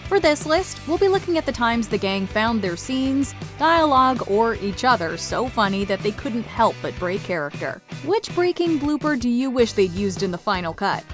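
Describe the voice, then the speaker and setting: A woman's voice: on the high side, big pitch swings, moderate pace, few pauses. A woman reading scripted voice-over narration for a countdown video, upbeat and playful. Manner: upbeat, playful list-show delivery. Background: faint music.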